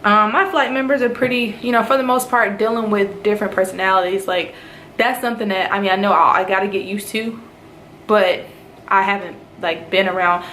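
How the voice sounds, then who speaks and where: A woman from North Carolina, a nurse in officer training, telling her story in a casual vlog. She talks in an animated way and acts out the lines other people said to her. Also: medium pitch, a little fast. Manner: animated retelling, acts out quoted speech. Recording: roomy echo, faint background noise.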